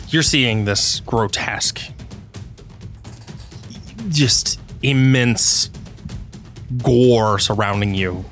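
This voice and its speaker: Slow-speaking game master, low voice. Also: male voice, a bit bright. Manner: slow, dramatic descriptive narration. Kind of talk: narrating a tabletop game.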